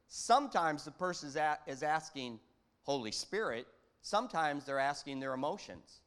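A man delivers a sermon in a relaxed, conversational manner, his voice sitting slightly high for a man. He reads scripture aloud and lets his pitch and loudness rise and fall as he talks. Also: a little fast. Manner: conversational, varies pitch and volume, quotes scripture. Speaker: pastor.

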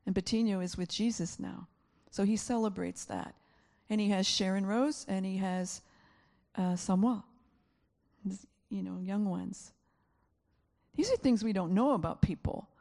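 A woman pastor preaching in church with a gravelly, mellow voice. She tells her stories with earnest feeling and often repeats key phrases for emphasis. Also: mid-range voice, a little slow, pauses often. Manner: earnest, emotional storytelling with frequent repetitions. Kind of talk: sermon.

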